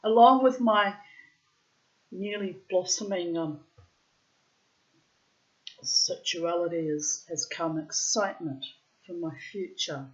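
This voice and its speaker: A woman in her late fifties telling a story in a rambling casual monologue, cheeky and self-mocking, laughing often and breaking into squealing high exclamations. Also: slow pace, pauses often, highs cut off. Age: 50s. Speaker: vlogger.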